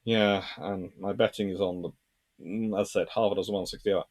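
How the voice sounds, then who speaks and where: A man's voice: deep voice, steady tone, brisk, a little mellow. A man hosting a history channel, reading viewer comments aloud and answering them in a rambling, thinking-aloud way.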